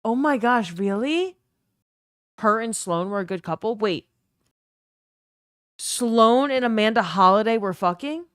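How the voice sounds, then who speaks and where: A woman's voice: on the high side, unhurried, long pauses, no room sound, clean studio sound. Blunt, profane woman streamer. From Southern US. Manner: blunt, profane, animated chatter. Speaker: game streamer. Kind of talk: casual livestream commentary.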